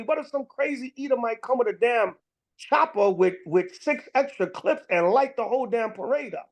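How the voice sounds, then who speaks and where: A man's voice: extremely high pitch, lively intonation, moderate pace. A man giving casual religious commentary, rambling and profane, with many fillers and restarts. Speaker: online commentator.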